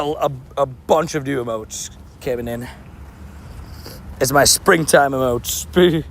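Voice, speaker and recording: Outdoors playing a mobile game on stream, a young man not from New York chats happily in a fairly high, fairly bright voice with vocal fry. He laughs a lot and keeps starting his sentences over.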